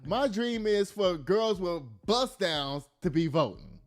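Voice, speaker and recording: A man's voice: high-pitched, animated, slow. A man giving blunt, profane, emphatic political commentary to his audience, laughing at his own jokes. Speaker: commentary host.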